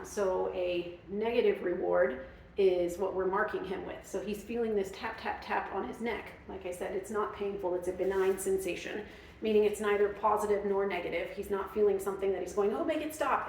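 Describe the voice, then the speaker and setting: A woman's voice: medium pitch, steady tone, a little fast, vocal fry, darkish tone, distant mic, a little hiss or hum. Chatty woman explaining in an echoey room. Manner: chatty, explanatory, many fillers. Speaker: dog trainer. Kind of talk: casual training demonstration.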